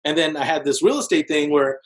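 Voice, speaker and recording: A man in his forties speaks as a podcast guest in a loose, animated storytelling manner. His voice sits a little high for a man. He strings his story together with frequent "like" fillers. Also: a little fast, poor audio. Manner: animated storyteller, heavy use of "like", jumps into higher voices for quotes. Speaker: podcast guest, real estate broker. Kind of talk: casual storytelling interview.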